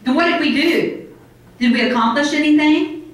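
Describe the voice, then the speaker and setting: A middle-aged woman giving an animated motivational talk to a live audience in a hotel conference room, acting out other people's reactions. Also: high-pitched, moderate pace. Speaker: motivational speaker. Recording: very echoey hall from far off.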